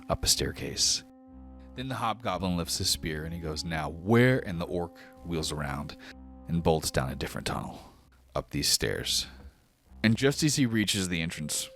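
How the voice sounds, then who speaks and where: A man narrating a tabletop game as game master in a dramatic, measured way. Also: very deep voice, fairly bright tone.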